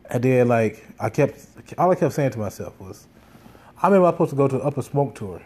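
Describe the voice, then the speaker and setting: A man's voice: medium pitch, lively intonation, fairly quick, mellow, breathy edge. Rambling, profane man telling a story. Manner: rambling, profane, with many fillers and restarts. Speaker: podcast host. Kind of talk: casual storytelling monologue.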